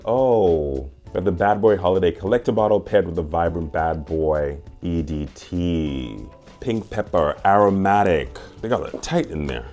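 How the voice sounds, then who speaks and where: A man hosting a casual unboxing vlog, playful and gushing, with sudden high squeals. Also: mellow. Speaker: candle and perfume reviewer.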